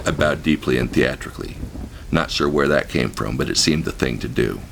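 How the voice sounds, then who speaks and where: A man reads his memoir as an audiobook, frank and vivid, with crude language. His voice is extremely deep and gravelly. A faint hiss of noise sits behind him. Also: brisk, fairly bright tone. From United States. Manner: frank, profane, vivid storytelling. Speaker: author-narrator.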